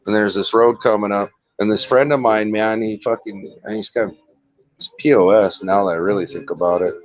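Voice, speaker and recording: A man's voice: on the low side, fairly even intonation, fairly quick, no room sound, lo-fi sound. A man telling a long rambling story in casual chat, swearing and laughing often.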